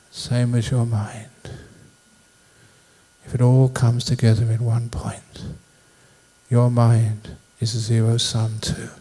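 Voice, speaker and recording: A male monk giving a public dharma talk in a university lecture hall. His voice sits at an everyday middle pitch. He tells stories playfully and jokes with the people listening. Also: mellow, slight background noise. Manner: playful storyteller, jokes with the audience.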